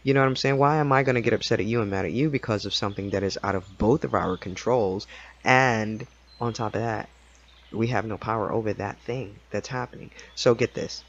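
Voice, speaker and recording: A man's voice: lowish voice, fairly quick. A man hosting a podcast, telling a personal story in a casual monologue and acting out the voices of the people he quotes. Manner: animated, acts out quoted voices, laughs often. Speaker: podcast host. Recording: slightly dull lo-fi recording.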